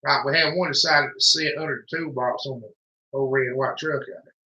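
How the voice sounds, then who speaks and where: A man's voice: medium pitch, steady tone, fairly quick, bright, forceful tone. A man with a Southern US accent, telling folksy stories as a livestream co-host in casual chat. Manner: folksy drawling storyteller. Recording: echoey room, dull lo-fi sound.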